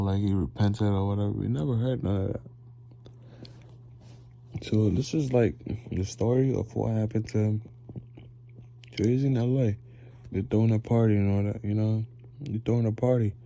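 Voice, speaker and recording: A drowsy man talking from his bed late at night, half-yawning as he rambles. His voice is very dark and mellow, and it sits a little low. It sometimes sinks toward a whisper. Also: gravelly. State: sleepy, yawning. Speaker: vlogger. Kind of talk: casual late-night monologue. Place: bedroom, lying in bed.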